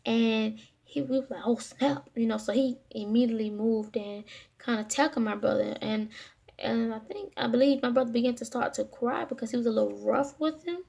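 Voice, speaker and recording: A woman with a somewhat high voice and a lot of gravelly fry tells a personal story straight to camera. She talks haltingly, filling pauses and restarting her sentences. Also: darkish tone. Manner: halting, with frequent fillers and restarts. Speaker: vlogger.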